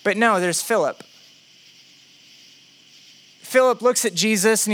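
A male pastor preaches in a relaxed, conversational way and asks his listeners many rhetorical questions. His voice is high and bright. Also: slow pace, long pauses. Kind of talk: sermon.

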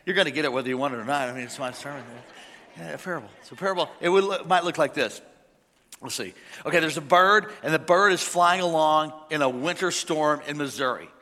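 A man preaching a sermon, telling a made-up parable and acting out the characters with lively energy. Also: fairly high pitch, fast. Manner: animated storytelling, acting out characters. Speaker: pastor. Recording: long hall reverb.

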